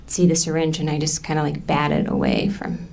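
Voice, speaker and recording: A woman in her thirties testifying in a courtroom, halting and full of ums as she recounts what happened. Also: low voice, huge pitch swings, gravelly, a little mellow, slight background noise. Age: 30s. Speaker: trial witness.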